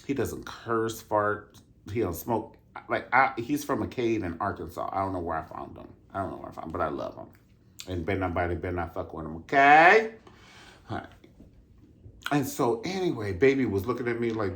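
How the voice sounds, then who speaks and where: Man, flamboyant storyteller, sassy and profane, low voice, swooping lively pitch, casual rant. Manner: flamboyant, sassy, profane, with drawn-out emphatic asides. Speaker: vlogger reviewing a dance concert.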